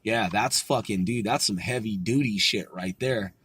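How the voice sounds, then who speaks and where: A man hosting a casual solo podcast, talking in a profane, excitable, rambling way, laughing at himself and stumbling over foreign words. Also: on the low side, normal speed, slightly rough, no room sound. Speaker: podcast host.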